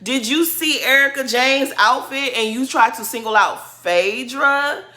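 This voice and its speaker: Indignant woman ranting, bright voice. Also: sits high, unhurried. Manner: emphatic, indignant, repeats points for effect; acts out quotes in mocking voices. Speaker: reality TV commentary vlogger. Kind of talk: casual ranting commentary.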